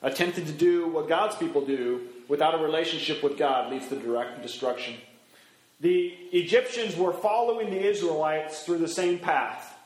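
A middle-aged male pastor delivers an animated sermon in a fairly high voice, throwing his pitch up and down to act out the people he quotes. The sound rings around an echoey room. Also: normal speed.

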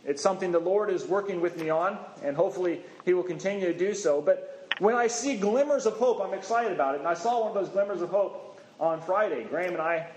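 A man preaching a sermon in a conversational, halting way, rising in pitch when he stresses a point. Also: echoey room, a little hiss or hum, rough recording.

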